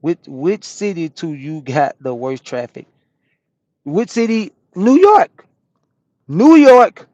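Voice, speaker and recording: A man from Atlanta, a truck driver chatting casually on a live stream and answering viewers' comments in a relaxed, repetitive way. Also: a little high, takes it slowly, long pauses, no room sound. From Atlanta, USA.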